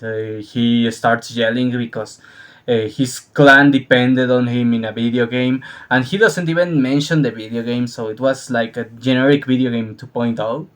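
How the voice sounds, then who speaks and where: A man, probably middle-aged, giving a casual, profane opinion monologue, laughing a lot and acting out scenes with shouted voices. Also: medium pitch. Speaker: vlogger.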